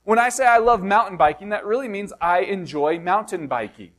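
Man, pastor, sermon, high-pitched voice, conversational, rhetorical questions, middle-aged. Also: expressive, a little fast. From United States.

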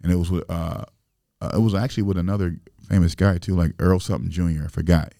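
A man's voice: sits low, steady tone, fast talker, creaky, mellow, no echo, clean studio sound. A man from Illinois, a podcast guest, telling his life story in loose, profane street talk full of fillers. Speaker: interview guest.

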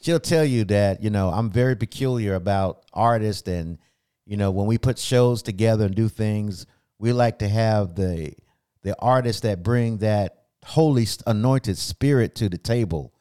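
A man's voice: on the low side, moderate pace, mellow, clear, resonant tone. Enthusiastic preacherly male radio host. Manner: enthusiastic, preacherly, emphatic, repeats himself. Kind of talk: radio interview.

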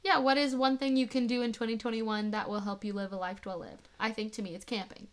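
A woman's voice: a little high, steady tone, fast talker. A young woman co-hosting a podcast, chatting casually and often filling with "like". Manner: chatty, giggly, lots of "like". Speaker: podcast co-host. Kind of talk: casual chat.

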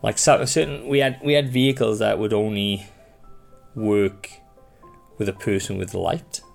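A man voicing a weary, dying woman who shelters travellers, with an attempted Scottish accent. She speaks haltingly, repeats herself and trails into sighs. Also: on the low side, fairly even intonation, gravelly, soft background music. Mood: hospitable. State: tired.

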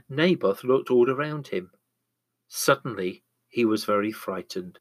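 A man reading a bible story aloud in a steady storybook manner. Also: medium pitch, measured pace. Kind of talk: scripted narration of a bible story.

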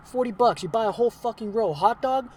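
A man's voice: very high voice, lively intonation, a little fast, recorded from a distance, noisy background. A man arguing heatedly in a casual chat, swearing often and cutting in. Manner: swears a lot, interrupts, heated.

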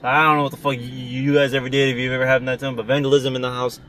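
A young man co-hosting a podcast, talking loosely with a friend. He rambles through his stories and swears freely. His voice sits at an ordinary pitch for a man. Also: level tone, very fast, bright, forceful tone, a little hiss or hum. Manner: profane, rambling, loose storytelling. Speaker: podcast co-host. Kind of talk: casual chat.

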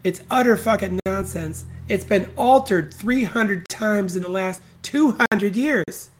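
An adult podcast host with a medium-pitched voice rants solo at a measured pace. He's blunt, profane and scornful, repeating insults and points to hammer them home.

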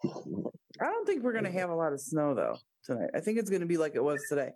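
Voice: medium pitch, wildly swooping pitch, quick pace, a little mellow, no room sound. Frank, chatty speaker on a dry mic. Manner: frank, storytelling with quoted asides. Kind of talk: casual chat.

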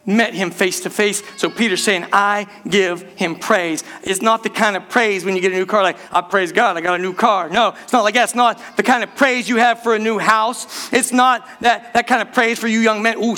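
A man preaching a sermon to his church, animated and calling out to the congregation, rushing some phrases and drawing others out. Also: high voice. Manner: animated preaching, speeds up and slows down, calls out to the church. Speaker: pastor.

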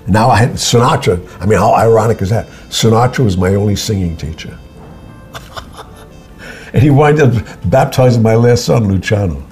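A man's voice: lowish voice, moderate pace, faint music behind. An older man, a guest telling stories and acting out other people's lines. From United States. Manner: animated, acts out other people's lines in quotes. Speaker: actor and singer, guest. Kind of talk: storytelling interview.

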